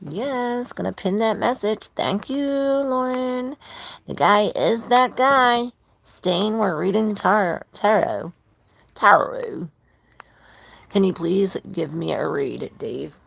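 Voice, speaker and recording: A woman's voice: mid-range voice, animated, slow pace, vocal fry. A woman giving a live-streamed tarot reading, rambling and chatting with viewers between cards. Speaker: tarot reader.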